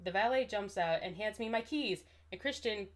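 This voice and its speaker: Giggly, lively young woman. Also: mid-range voice, normal speed. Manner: giggly, animated, reads aloud and breaks off to comment. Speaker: YouTuber reading a book aloud. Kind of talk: casual reading with commentary. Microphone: desk microphone.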